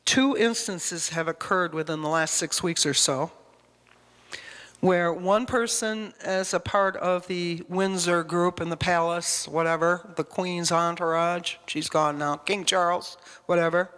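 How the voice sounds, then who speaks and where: In a church hall with a long reverb, a woman with a lowish, fairly bright voice delivers a conversational sermon. She is emphatic and rambling, frequently directing questions at the congregation.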